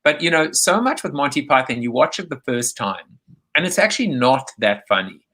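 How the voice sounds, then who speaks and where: Bright-voiced joking male show host. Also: medium pitch, very animated, normal speed, slightly rough. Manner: rambling, jokey, reads viewer comments aloud. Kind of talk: casual live video chat.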